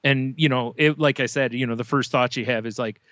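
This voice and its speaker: A man's voice: medium pitch, steady tone, fairly quick, a bit bright, no room sound, muffled recording. A man co-hosting a podcast, chatting casually with loose profane banter. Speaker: podcast co-host. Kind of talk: casual chat.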